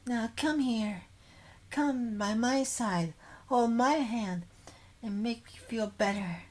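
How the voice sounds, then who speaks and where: A woman's voice: on the high side, slow pace, darkish tone. A woman voicing a possessive, commanding young female vampire from a visual novel. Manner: demanding, cold.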